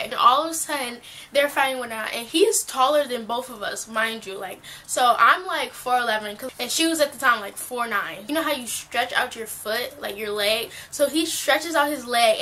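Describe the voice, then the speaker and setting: A teenage girl vlogging casually, telling a rambling, animated story full of fillers. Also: a little high, normal speed, a little hiss or hum. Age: teen.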